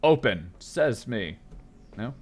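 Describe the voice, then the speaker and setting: A gaming video host gives casual let's-play commentary while playing a video game, joking and reading on-screen text aloud. His mid-range voice is sing-song, slow and slightly rough.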